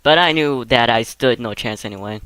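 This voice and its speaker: A woman's voice: a bass voice, normal speed, fairly bright tone, clean tone, no room sound. A woman voicing a cocky, teasing young male king in a fan-dubbed visual novel, talking in a playful, laid-back way. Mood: breezy.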